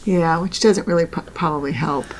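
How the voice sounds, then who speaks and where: A woman's voice: low-pitched, moderate pace, a little mellow, a little hiss or hum. A woman co-hosting a podcast, chatting casually, laughing often and restarting her sentences. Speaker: podcast co-host. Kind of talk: casual chat.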